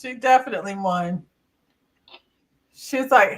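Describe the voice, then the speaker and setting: A woman's voice: sits high, expressive, moderate pace, bright, forceful tone. A woman co-hosting a casual recap chat, retelling what happened and quoting people in their voices. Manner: storytelling, quotes others in voices. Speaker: podcast co-host.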